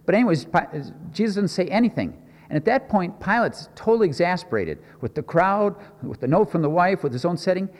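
A man's voice: sits high, lively intonation, brisk, in a large hall. A man preaching in a conversational, explanatory way, asking the audience questions as he teaches a Bible passage.

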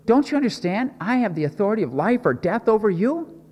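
A man's voice: mid-range voice, animated, brisk, muffled recording, natural voice. A man voicing an anxious, exasperated middle-aged Roman governor in a reverberant hall. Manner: exasperated, pleading.

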